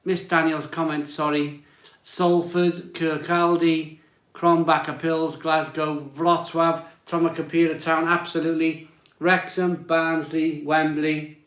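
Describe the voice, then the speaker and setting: A man's voice: fairly high pitch, flat delivery, slow pace, a bit bright, echoey room. A man hosting a casual beer live stream, chatting and greeting viewers as he reads their comments aloud.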